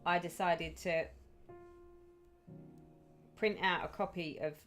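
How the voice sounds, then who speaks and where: A woman's voice: on the low side, fairly even intonation, slow pace, a bit bright, soft background music. A woman hosting a casual live stream, chatting and reading out viewers' comments with effusive sympathy.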